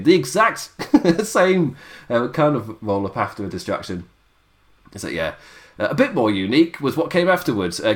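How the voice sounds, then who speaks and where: A man talking through a weekly wrestling show in loose, rambling sentences. He chuckles often, fills his pauses with drawn-out filler sounds, and sits at an ordinary middle pitch. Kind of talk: casual spoken review.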